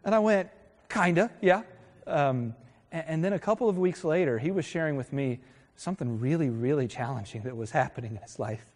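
A man's voice: medium pitch, darkish tone. Middle-aged male pastor, earnest and conversational, long church reverb. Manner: earnest, conversational preaching with pauses and self-corrections. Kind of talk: sermon. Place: church sanctuary. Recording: reverberant hall.

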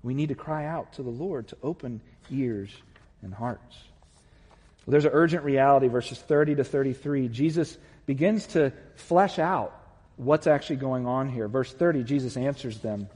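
A male pastor giving an impassioned sermon, building to loud, emphatic peaks. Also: medium pitch, normal speed, long reverb tail. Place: church sanctuary.

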